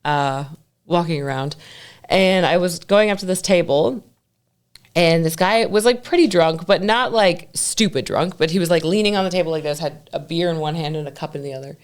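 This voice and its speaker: A young woman, a guest on a podcast, chatting casually and telling stories in a lively, profane way. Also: lowish voice, moderate pace. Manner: animated storyteller, profane. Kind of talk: casual chat.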